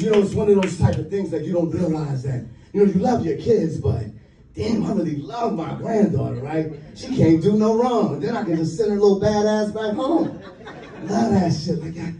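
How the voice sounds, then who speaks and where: A man's voice: high voice, far from the mic. A man in his fifties from the US East Coast, a stand-up comedian telling loose, profane stories with a laugh in his voice. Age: 50s. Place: live comedy club with audience. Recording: roomy live stage mic, crowd.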